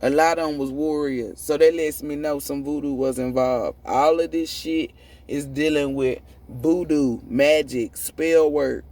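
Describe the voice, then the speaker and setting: A woman's voice: sits low, fairly even intonation, unhurried, mellow. Profane, fiery woman ranting. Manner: profane, emphatic, preachy; repeats and restarts words when fired up. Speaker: tarot reader. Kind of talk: ranting spiritual monologue.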